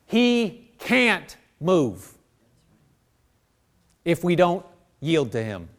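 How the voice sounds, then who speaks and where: A man's voice: a little high, wildly swooping pitch, very slow. A man preaching a sermon, earnest, acting out the prayers of the people he addresses. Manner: earnest, acts out prayers in quoted voices.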